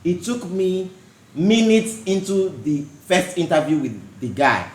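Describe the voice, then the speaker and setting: A man's voice: high voice, unhurried. A man hosting a podcast, telling stories animatedly with frequent laughter. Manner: animated storytelling, laughs often. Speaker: podcast host. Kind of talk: casual podcast chat. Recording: echoey room with faint noise.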